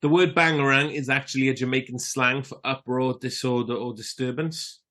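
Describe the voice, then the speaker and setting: A man's voice: medium pitch, fairly even intonation, moderate pace, bright, forceful tone. A man co-hosting a film podcast, reading out trivia in a laid-back, casual way. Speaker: podcast co-host.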